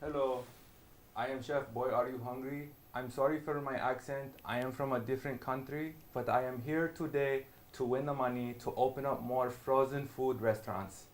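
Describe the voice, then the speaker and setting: Bumbling foreign chef, played by a man, put-on accent, hesitant broken English, mid-pitched. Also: steady tone, moderate pace, natural voice. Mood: formal. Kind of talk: comedy sketch acting.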